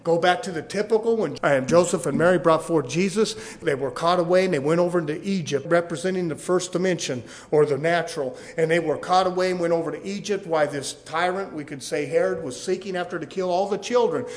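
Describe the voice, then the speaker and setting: A man preaching a fiery sermon, dropping low and quiet, then rising to loud shouted passages in a repetitive, emphatic cadence. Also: brisk, few pauses.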